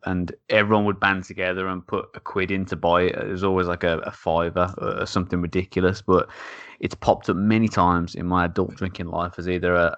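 Podcast co-host, man, young adult, very low voice, dry close sound, chatty and rambling. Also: clean tone, dry recording, dull audio. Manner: rambling, jokey, many fillers. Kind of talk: casual chat.

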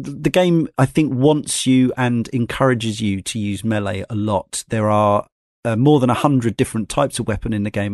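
A man's voice: lowish voice, a little mellow, no room sound, studio quality. A man hosting a podcast, talking through a game in a thoughtful, rambling way and passing questions to his co-hosts. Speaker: podcast host. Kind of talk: casual game discussion.

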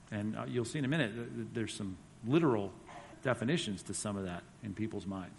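A man's voice: lowish voice, fairly quick, vocal fry, a little mellow, slight background noise. A man teaching a church class with slides, in a conversational, emphatic way. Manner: conversational, emphatic, reads quotes aloud. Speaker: Bible teacher. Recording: long reverb of a hall.

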